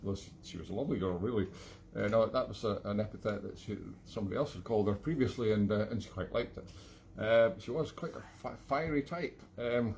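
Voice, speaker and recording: A Scottish man with a fairly low voice rambles cheerfully between tunes at an online gig. He pokes fun at himself and jokes as he goes, speaking from home in his flat. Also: fast, a little hiss or hum. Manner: rambling, self-mocking and jokey. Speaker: accordion player hosting a live online gig. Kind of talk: casual chat between tunes.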